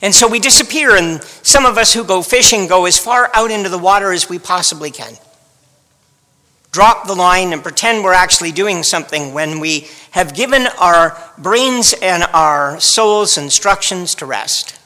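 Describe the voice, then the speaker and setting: A man preaches a sermon, telling the story with wry drama. His voice is high, bright and unhurried, and it rings in a long hall echo. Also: animated. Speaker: pastor.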